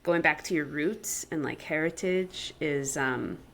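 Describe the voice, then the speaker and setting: A woman's voice: low-pitched, unhurried, gravelly, fairly bright tone. A woman co-hosting a podcast, talking in a rambling, casual way with many fillers. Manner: rambling, heavy use of "like". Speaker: podcast co-host. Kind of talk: casual conversation.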